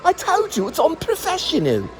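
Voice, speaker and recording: A man imitating a furious film star who yells at a crew member, in a high, strained voice. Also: wildly swooping pitch, normal speed, noisy background, exaggerated voice. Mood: angry scolding. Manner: yelling, scolding. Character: angry shouting male film star.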